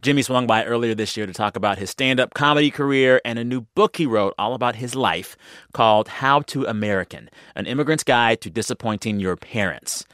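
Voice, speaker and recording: A man's voice: medium pitch, fairly bright tone, no echo. Dry-voiced male podcast host. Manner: conversational, quick affirming interjections. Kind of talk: interview hosting.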